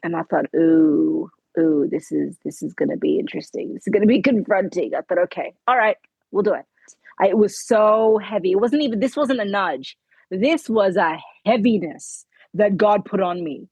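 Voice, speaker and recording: Husky-voiced woman telling an emotional story. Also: mid-range voice, animated, moderate pace, a little mellow, dry recording, low-quality recording. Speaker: guest. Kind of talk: personal testimony interview.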